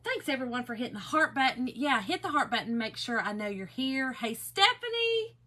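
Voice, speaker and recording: A chatty, bubbly middle-aged woman with a Southern US drawl, hosting a live crafting stream and greeting viewers one by one. Her voice sits a little high and rings bright and forceful. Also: big pitch swings, fairly quick. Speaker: craft livestream host. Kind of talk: casual live chat while crafting.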